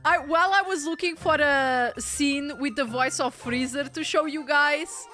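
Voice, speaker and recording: A young woman with a Portuguese accent chatting excitedly while streaming a game, laughing often and swearing casually. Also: sits high, a little slow, faint music behind. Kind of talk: casual chat while gaming.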